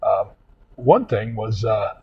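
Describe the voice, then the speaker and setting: An older man telling a long, meandering personal story in casual vlog talk, halting often with fillers. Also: on the low side, expressive, slightly rough, muffled recording. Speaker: vlog host.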